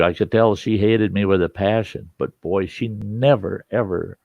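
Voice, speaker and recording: Gravelly low-voiced older storyteller man. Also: dry recording. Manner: folksy, acts out quoted voices. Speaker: storyteller host. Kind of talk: casual spoken storytelling. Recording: dull lo-fi recording.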